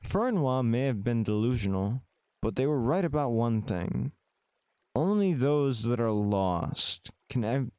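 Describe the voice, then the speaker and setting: Male streamer, reads game text aloud, wry asides, smooth voice, dry close sound. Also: mid-range voice, a little mellow, dry recording. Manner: casual, wry asides to chat. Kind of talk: let's-play commentary, reading game text aloud.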